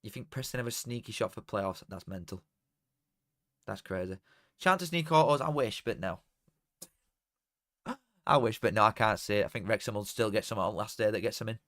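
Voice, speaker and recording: Chatty lad, dry sound. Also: male voice, lowish voice, a little fast, no room sound. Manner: banter with chat, swings from mutters to shouts. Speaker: watchalong streamer. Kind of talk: casual live match commentary.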